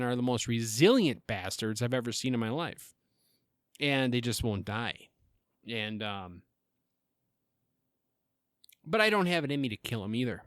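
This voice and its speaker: A man talks alone into a close mic for his podcast, wandering from tangent to tangent with crude jokes and stumbling restarts. His voice sits at an ordinary pitch for a man and sounds dry, with no room around it. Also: dry recording. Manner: rambling, self-interrupting, profane and joking. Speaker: podcast host. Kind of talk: casual solo podcast monologue.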